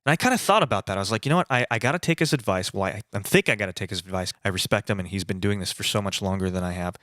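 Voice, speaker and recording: A man's voice: fairly low pitch, racing, fairly bright tone, dry recording, studio quality. A man co-hosting a podcast, making his points emphatically in casual chat. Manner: emphatic, opinionated. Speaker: podcast co-host.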